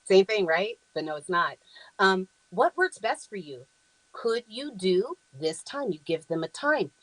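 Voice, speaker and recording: A woman's voice: medium pitch, sing-song, measured pace, no room sound, poor audio. Woman talk show host, mid-range voice, earnest and affirming, conversational with plenty of ums, dry close sound. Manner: earnest, affirming, frequent ums, reads quoted phrases aloud.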